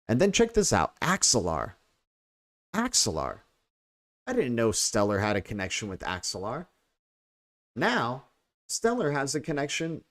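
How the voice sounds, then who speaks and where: An American man casually commenting on crypto news in a chatty way, often asking "right?". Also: medium pitch. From United States. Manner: chatty, keeps tagging on "right?" and "you know". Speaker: crypto channel host.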